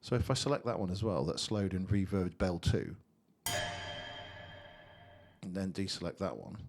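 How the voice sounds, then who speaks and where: A man casually walking through a software tutorial, chatty and thinking aloud. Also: sits low, normal speed, gravelly, soft background music. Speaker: tutorial host.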